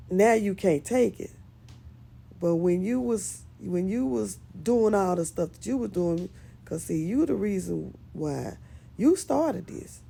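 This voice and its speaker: A woman's voice: lowish voice, creaky, dark tone. A woman giving casual commentary on a skit series, emphatic and scolding as she talks straight to one of the characters.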